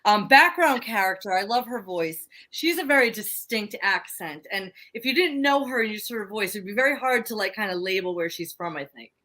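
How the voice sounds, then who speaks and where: A woman co-hosting a casual chat show, effusive and quick to laugh. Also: medium pitch, animated, bright, forceful tone. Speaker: podcast co-host.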